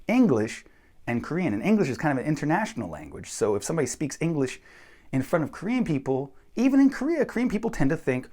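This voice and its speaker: A young man telling stories in a casual, animated monologue, bluntly acting out the people he quotes. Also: on the high side, fast. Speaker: vlogger.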